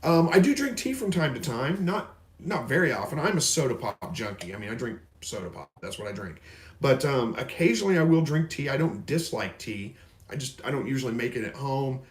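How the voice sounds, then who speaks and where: A Missouri man hosts a casual livestream, reading viewer questions out loud and answering them in a rambling, folksy style. His mid-range voice has big pitch swings and a fairly quick pace, and the room gives off a noticeable echo.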